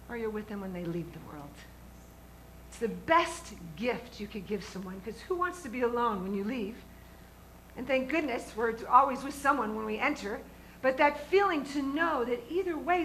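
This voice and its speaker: A woman's voice: a little high, sharp tone, a little hiss or hum, low-quality recording. A woman minister giving a sermon to her congregation in an earnest, emphatic way, often asking them questions. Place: church sanctuary with a congregation.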